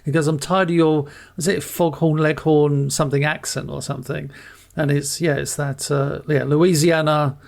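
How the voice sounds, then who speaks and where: A man's voice: fairly high pitch, flat delivery, moderate pace, creaky. A man co-hosting a casual film podcast, talking hesitantly with many restarts and filler words. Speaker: podcast co-host.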